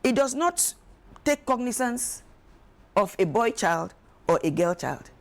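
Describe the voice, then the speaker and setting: A woman, speaking as an expert guest on a talk show, emphatic and animated, acting out quoted voices. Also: on the high side, measured pace, vocal fry. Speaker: guest expert on emotional wellbeing. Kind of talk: studio talk show discussion.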